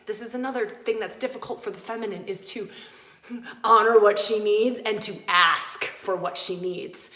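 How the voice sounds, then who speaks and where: In a roomy-sounding space, a woman speaks with a slightly high, fairly bright voice. As a podcast host, she gives an impassioned spiritual lesson, stressing her message through repeated phrases.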